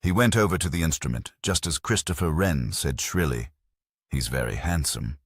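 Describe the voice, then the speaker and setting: A man narrates a mystery novel in an extremely deep, husky voice. His reading is measured, with lively rises and falls. The sound is dry and close. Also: no room sound. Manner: measured storytelling delivery. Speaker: audiobook narrator.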